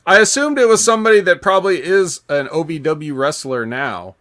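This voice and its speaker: A man hosting a casual podcast, talking in a rambling, halting way with many fillers and restarts. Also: on the high side, fairly bright tone. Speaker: podcast host.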